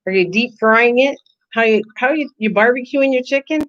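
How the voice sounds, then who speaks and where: A woman's voice: on the high side, fairly quick, fairly bright tone, lo-fi sound. An older woman hosting a casual live stream, chatting in a teasing way and answering her viewers' comments. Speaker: channel host.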